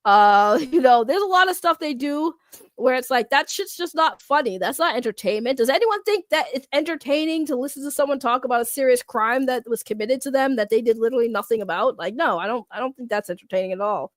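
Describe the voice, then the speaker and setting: A fairly high-voiced woman streamer with a blocked, congested nose from a cold chats casually with her audience. She talks bluntly and swears freely, breaking into laughs. The sound is dry and close to the mic. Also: lively intonation, brisk, dry recording. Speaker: streamer reading chat. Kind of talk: casual livestream chat.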